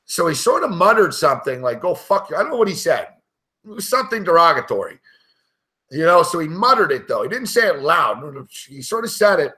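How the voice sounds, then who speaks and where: A man spinning a heated, profane story as a panelist on a sports betting show. His voice is bright and forceful and sits a little high for a man. He talks in loose, sweary bursts. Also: a little fast. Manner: profane, heated, animated anecdote-telling. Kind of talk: casual storytelling.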